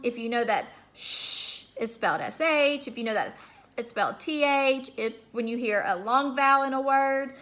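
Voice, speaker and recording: A woman teaching a remote phonics lesson to kindergarteners, patiently sounding out words slowly and checking in with "okay?". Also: sits high, bright, forceful tone. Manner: slow, drawn-out sounding out of words.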